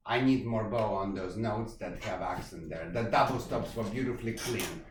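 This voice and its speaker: A man's voice: lowish voice, recorded from a distance, noisy background. Demanding male violin teacher, echoey room. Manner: demanding, direct, gives quick commands. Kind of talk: one-on-one violin lesson coaching. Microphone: far camera.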